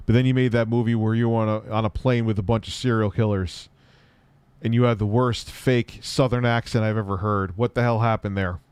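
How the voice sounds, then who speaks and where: A man's voice: fairly low pitch, fairly even intonation, brisk, darkish tone, clear, resonant tone, no room sound. A middle-aged man hosting a live tech stream, rambling and cracking crude jokes at his chat.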